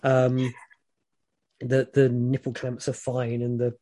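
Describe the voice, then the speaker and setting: A British man giving frank, relaxed advice in casual chat, rambling with many fillers. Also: medium pitch, slow pace.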